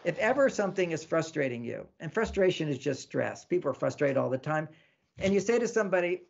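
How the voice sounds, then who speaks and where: Gravelly-voiced man, animated teaching. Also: fairly high pitch, brisk, dull audio. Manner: animated, acts out dialogues; teaching, repeats lists. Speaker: author guest. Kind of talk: interview talk.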